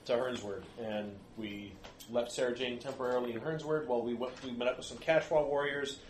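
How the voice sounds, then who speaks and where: A man, a tabletop game player, recapping the last session in a rambling, halting way with many fillers. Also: medium pitch, steady tone, roomy sound, a little hiss or hum.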